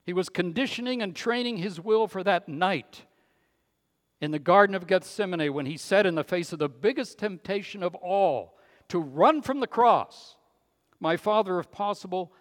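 A man preaching with emphatic conviction, his voice sitting somewhat high for a man. He rises to loud declarations and then sinks to near-hushed phrases. The sound rings with the long reverb of a large hall. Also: lively intonation, normal speed. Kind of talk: sermon.

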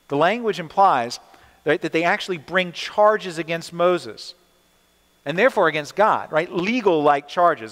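A man's voice: fairly high pitch, expressive, measured pace, a bit bright. Man preaching a sermon in a reverberant hall. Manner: preaching with rhetorical questions, voicing the people and God. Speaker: pastor.

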